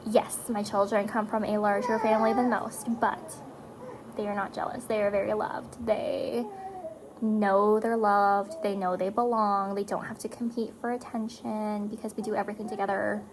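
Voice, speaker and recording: A woman's voice: mid-range voice, level tone, moderate pace, noisy background. A woman, a mother of four chatting casually while doing her makeup, emotional and rambling with lots of fillers. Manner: chatty and emotional, drifting between topics with frequent likes and fillers.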